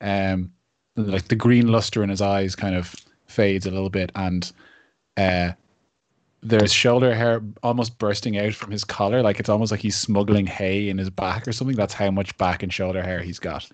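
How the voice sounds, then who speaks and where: A man's voice: lowish voice, fairly even intonation, moderate pace, no room sound. A man playing in a tabletop game, joking and laughing often in casual chat. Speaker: player.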